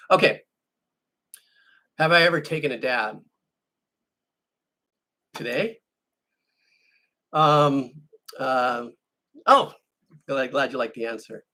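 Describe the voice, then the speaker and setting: A man running a music channel chats casually while answering viewer questions, telling a meandering story he keeps restarting and correcting. His voice sits in the middle range and comes across pushed and bright.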